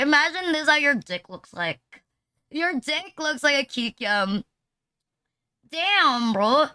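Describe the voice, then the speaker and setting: High, bright-voiced woman streamer rambling crudely. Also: dry recording. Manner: rambling and crude, heavy filler "like"; mocking, teasing banter with chat. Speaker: VTuber streamer. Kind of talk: casual livestream chat.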